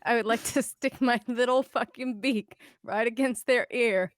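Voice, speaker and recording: Giggly high-voiced woman player. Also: normal speed, no room sound. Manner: giggly, gleefully dark. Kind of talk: tabletop role-play.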